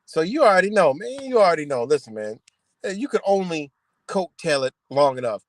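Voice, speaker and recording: A man with rants heatedly on a livestream, cursing and repeating himself as he confronts a rival. His voice sits a little high for a man, and the sound is dry and close. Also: very animated, fairly quick, no echo. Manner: profane, confrontational, repetitive. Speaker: livestream host.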